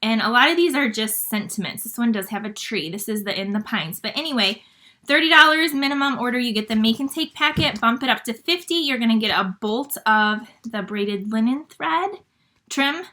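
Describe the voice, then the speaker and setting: Bright, chatty woman demonstrating crafts. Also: on the high side, lively intonation. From Michigan, USA. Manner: chatty and fast-talking, with many fillers. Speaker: paper-craft demonstrator hosting a live stream. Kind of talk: casual live craft demo.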